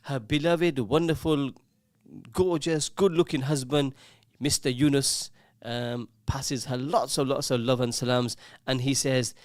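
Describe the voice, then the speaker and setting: A man's voice: medium pitch, fairly even intonation, measured pace, no room sound, studio quality. A man presenting a casual radio show, chatting, teasing his co-host and reading out listener messages. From England. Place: radio studio. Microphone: studio microphone.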